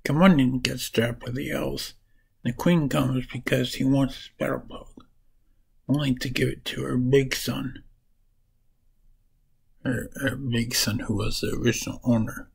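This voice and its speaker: A man's voice: medium pitch, steady tone, unhurried, gravelly, long pauses, a little mellow, husky, low-quality recording. A man casually summarizing comic books for his vlog, rambling and correcting himself as he goes. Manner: rambling, restarts and corrects names while summarizing. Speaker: comic book reviewer.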